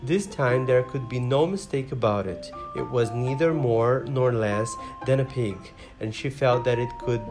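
A man narrating a storybook in a measured, even way. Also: medium pitch. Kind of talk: storybook reading. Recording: reading over guitar music. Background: guitar music.

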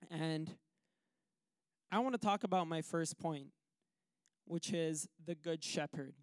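A man preaching a sermon, telling a personal story with lively acted-out quotes. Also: a little high, measured pace, long pauses, clear, resonant tone, no echo, studio quality. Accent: Canadian English. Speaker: pastor.

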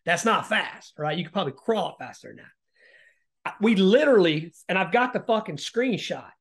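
A man's voice: sits high, expressive, normal speed, breathy edge. A man, a podcast guest, telling rambling stories in casual talk, swearing heavily and tagging sentences with "right?". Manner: heavy swearing, frequent "right?" tag questions; rambling with restarts. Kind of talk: casual storytelling.

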